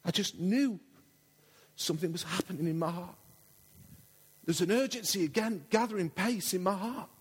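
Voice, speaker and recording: Husky-voiced preacher in reverberant hall. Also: male voice, sits high, normal speed, pauses often. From England. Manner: impassioned, repetitive preaching. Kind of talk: sermon. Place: large church hall. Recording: long church hall reverb.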